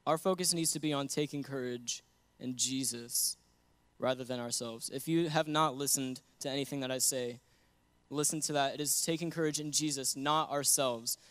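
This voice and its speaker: An earnest young man preaches in a smooth, resonant voice that sits a little high for a man. He moves between scripture and his own story and laughs easily between points. The sound is dry and close, with no room echo. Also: a bit bright. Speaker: guest preacher. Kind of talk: sermon with personal story.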